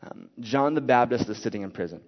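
A man's voice: mid-range voice, lively intonation, brisk. A man preaching a casual sermon, reading scripture and explaining it in a conversational way, full of fillers and "right?". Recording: dull sound with long hall reverb.

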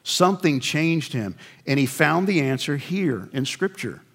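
A man's voice: a little high, animated, measured pace, a bit bright. An older male pastor preaching a sermon in a conversational storytelling way, with wry acted asides.

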